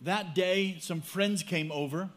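High-voiced male preacher telling a story. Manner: humorous storytelling, pauses for interpreter. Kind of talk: sermon with live interpretation.

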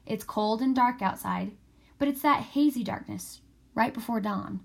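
A woman reading a first-person story aloud in a steady, expressive way. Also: a little high, measured pace, creaky. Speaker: audiobook narrator. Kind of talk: scripted first-person narration.

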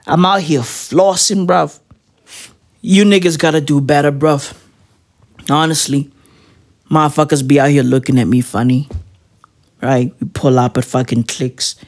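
A woman's voice: low voice, fairly even intonation, unhurried, pauses often, darkish tone. Profane rambling woman, comedic rant. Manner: profane, rambling, street slang. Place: at home, with spouse nearby.

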